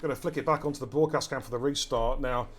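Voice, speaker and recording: A man giving live commentary on an online racing league, excitable and chatty, talking straight to his viewers. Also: mid-range voice, fast, background noise. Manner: excitable, chatty, addresses chat directly. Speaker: race commentator and streamer. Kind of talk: live esports race commentary.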